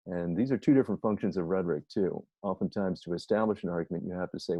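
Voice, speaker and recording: A man's voice: low voice, fast, few pauses, dark tone, husky, no echo. A middle-aged man lecturing to a class, explaining step by step and answering his own questions. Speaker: instructor. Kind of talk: recorded lecture. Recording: dull lo-fi recording.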